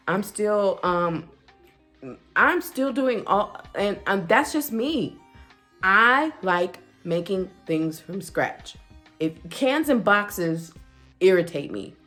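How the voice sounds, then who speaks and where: A woman vlogger telling a candid personal story in a chatty, animated way. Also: lowish voice. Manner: chatty, animated, with frequent fillers and quoted dialogue.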